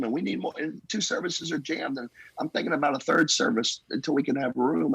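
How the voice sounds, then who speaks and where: A man's voice: fairly high pitch, a little fast, creaky, few pauses, slightly rough, dry recording, poor audio. A middle-aged pastor, telling his story in an earnest, rambling, folksy way. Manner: earnest, rambling, folksy testimony with 'man' fillers. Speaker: pastor, podcast guest. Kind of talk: casual conversational storytelling.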